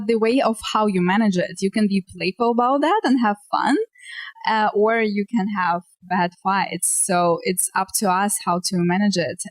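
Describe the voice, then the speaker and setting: A woman's voice: mid-range voice, no room sound. A woman co-hosting a relationship talk show, speaking earnestly with small slips in her phrasing. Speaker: podcast co-host. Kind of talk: casual chat.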